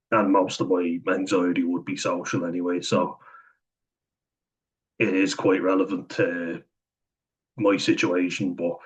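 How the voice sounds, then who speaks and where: A young vlogger with a low voice talks candidly to the camera in a rough recording. He swears freely, laughs a lot, and acts out what other people said.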